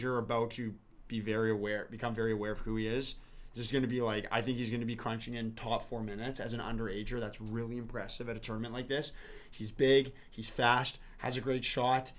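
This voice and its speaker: A man co-hosting a casual podcast, talking with eager enthusiasm. He rambles a little, circling back and restarting his thoughts as he goes. His pitch sits right in the middle. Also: a bit bright. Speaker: podcast co-host. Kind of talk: casual hockey podcast chat.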